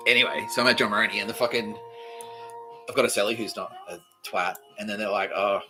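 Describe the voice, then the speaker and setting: A man's voice: lowish voice, steady tone, quick pace, over music, poor audio. A man, hosting a comedy podcast and telling a crude, profane story, often laughing at his own jokes and mimicking others. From Australia. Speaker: podcast host.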